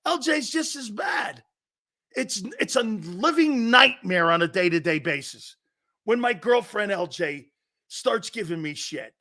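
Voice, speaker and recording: A man's voice: high voice, expressive, measured pace, sharp tone. A middle-aged man hosting a sports talk stream, joking and swearing as he reads viewer comments aloud. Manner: brash, joking, profane banter with chat. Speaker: sports talk show host.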